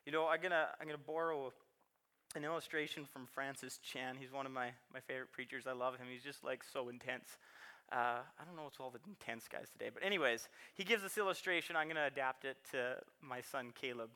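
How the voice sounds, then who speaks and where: A man's voice: mid-range voice, a little fast, bright, forceful tone, clear, resonant tone. A man in his thirties preaching a sermon in a chatty, self-deprecating way, laughing often and repeating words. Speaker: pastor.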